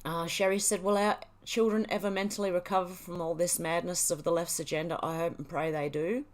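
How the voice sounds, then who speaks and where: An Australian woman hosting a casual livestream, reading viewer comments aloud and chatting back in a relaxed way. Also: lowish voice, brisk. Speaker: livestream host. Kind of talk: casual live chat reading.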